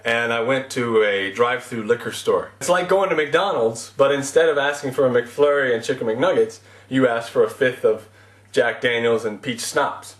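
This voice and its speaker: A man's voice: medium pitch, normal speed, fairly bright tone. Rambling man vlogging in an echoey room. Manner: rambling, self-mocking, with laughs. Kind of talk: casual comic monologue.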